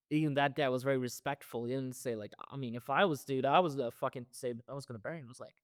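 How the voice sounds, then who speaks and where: A man's voice: medium pitch, fairly even intonation, quick pace, few pauses, dry recording, studio quality. A man hosting a wrestling reaction show, ranting heatedly with lots of profanity and repeated phrases. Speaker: wrestling commentary host.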